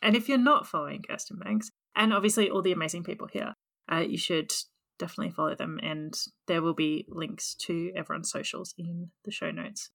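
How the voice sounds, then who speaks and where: A woman's voice: lowish voice, brisk, creaky, a bit bright. A woman hosting a podcast in casual chat, upbeat and effusive, over a remote call. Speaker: podcast host.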